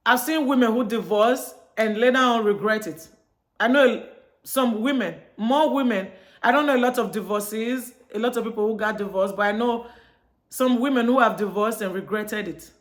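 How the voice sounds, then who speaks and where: A woman's voice: on the high side, moderate pace, pauses often. A woman from Chicago talking straight to her viewers in a casual monologue, telling a story and acting out both sides of the conversation. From Chicago, United States. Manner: chatty storytelling, acts out dialogue. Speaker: vlogger.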